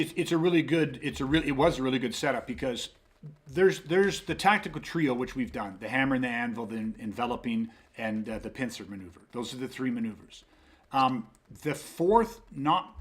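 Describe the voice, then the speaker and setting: A man's voice: mid-range voice, a bit bright. A man hosting a podcast, explaining self-defense tactics in a casual, emphatic way, with frequent swearing and restarts. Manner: emphatic, profane, rambling with restarts.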